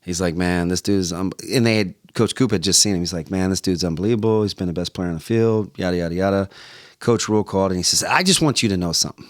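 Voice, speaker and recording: A man's voice: deep voice, quick pace, no echo, studio quality. Man telling a story, acting out both sides. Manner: tells stories by acting out both sides of phone calls, many "like"s and restarts. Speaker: podcast guest, former football player. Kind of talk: animated storytelling in conversation.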